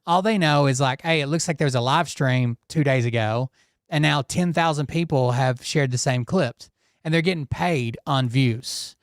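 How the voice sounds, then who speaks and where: A man hosting a live-stream show in casual commentary, rambling and self-deprecating, his voice slightly hoarse. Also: on the high side, dry recording, clean studio sound. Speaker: show host.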